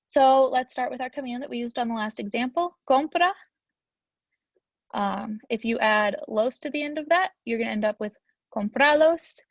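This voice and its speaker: A woman's voice: a little high, no room sound, muffled recording. Chatty young woman teaching grammar. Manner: chatty, frequent ums, upbeat asides. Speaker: Spanish teacher. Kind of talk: recorded grammar lesson.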